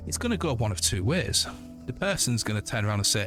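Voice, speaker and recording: A man in his forties, a streamer ranting casually and swearing, with lively storytelling. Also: on the low side, quick pace, faint music behind. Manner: sweary, animated storytelling with mock voices. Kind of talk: casual rant while gaming.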